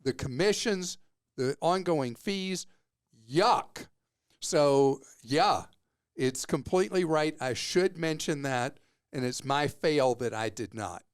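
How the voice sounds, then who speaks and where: A man's voice: fairly high pitch, animated, slow pace, clear, resonant tone. A man hosting a consumer money radio show, talking in a casual, self-mocking, joking way into a studio microphone.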